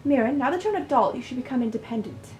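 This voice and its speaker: A woman's voice: high voice, expressive, very fast, a little mellow, echoey room, faint music behind. A woman voicing a cold, proud mother of a wealthy family, stern and dismissive.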